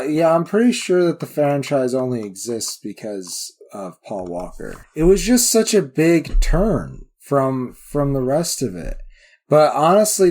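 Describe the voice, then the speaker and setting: A man's voice: medium pitch, a little mellow. A man co-hosting a podcast, chatting casually about a movie with loose, rambling sentences, frequent laughs and casual swearing. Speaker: podcast co-host. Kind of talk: casual movie-review chat.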